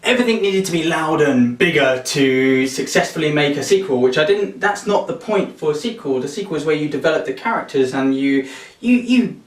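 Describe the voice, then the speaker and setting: A man's voice: fairly high pitch, lively intonation, fairly quick. A man hosting a casual film review, opinionated and rambling with restarts. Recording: roomy, mic at a distance.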